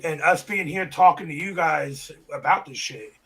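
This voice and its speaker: Plain-spoken man, fairly high voice. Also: moderate pace, a bit bright, slightly rough. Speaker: reaction channel co-host. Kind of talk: casual heartfelt talk.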